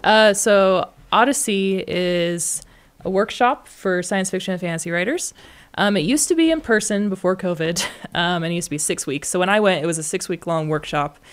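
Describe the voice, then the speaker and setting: A woman's voice: fairly low pitch, normal speed. A young woman talking as a guest in a casual chat, chatty and hedging, often laughing. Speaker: guest writer.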